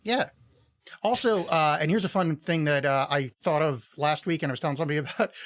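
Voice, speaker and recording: A man's voice: a little high, fairly quick, fairly bright tone. A middle-aged man co-hosting a podcast, telling rambling stories in casual chat, laughing often and swearing freely. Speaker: podcast co-host.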